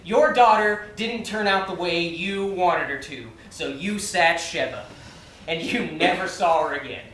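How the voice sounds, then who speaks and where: A man's voice: high voice, a little slow, fairly bright tone. An actor in his thirties playing a frustrated, hurt gay man on stage, speaking with tense agitation. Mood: accusing. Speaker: visitor. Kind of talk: stage play acting. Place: theater stage. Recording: echoey stage, from far off, faint ambience.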